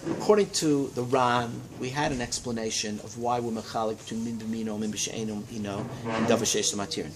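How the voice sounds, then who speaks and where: A man teaching a Talmud class in a study hall, lecturing in a lively way and checking in with his students. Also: on the low side, a little fast, few pauses, noisy background. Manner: animated, lively teaching with frequent check-ins and rising emphasis.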